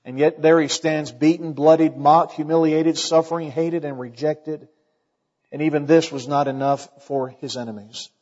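A man preaching a sermon as pastor, building to dramatic rises and dropping to a hush when he quotes the scripture. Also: fairly even intonation, moderate pace, long reverb tail, lo-fi sound. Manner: preaching with dramatic rises and hushed, low-voiced quotations.

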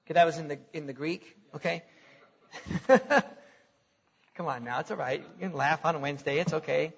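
Middle-aged male preacher, bright and tense tone, conversational sermon with chuckles, echoing church hall. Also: a little high, animated, normal speed, long pauses, breathy edge. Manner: conversational, repeats words, chuckles between points. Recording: lo-fi recording in a reverberant hall.

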